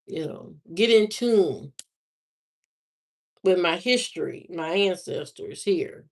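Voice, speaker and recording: Speaking slowly in a fairly low, gravelly voice, a livestream host from Indiana, USA, answers her viewers in casual chat. Her talk is slangy and drawling, full of repetition and fillers.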